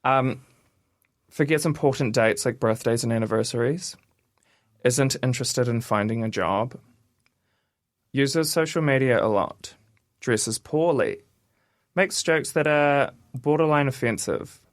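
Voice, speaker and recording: A man, co-hosting a casual radio chat and reading quiz items aloud in a steady list. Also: medium pitch, measured pace, long pauses, no echo, studio quality. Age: 20s. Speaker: radio co-host. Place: radio studio.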